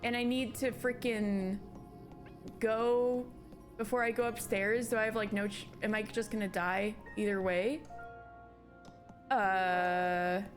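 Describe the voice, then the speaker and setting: A woman streaming a live game playthrough, excitable and swearing, with loud startled outbursts. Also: medium pitch, takes it slowly, long pauses, faint music behind.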